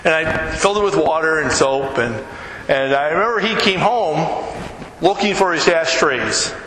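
With a fairly high pitch and a moderate pace, a pastor gives a sermon over a little hiss or hum. The hall is echoey with faint ambience, and he animatedly acts out the people and quotes in his stories.

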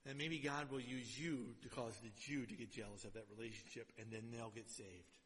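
A man preaching a sermon and reading scripture aloud, swinging between loud exhortation and quiet, low asides, in a church. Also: steady tone, moderate pace. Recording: long hall reverb.

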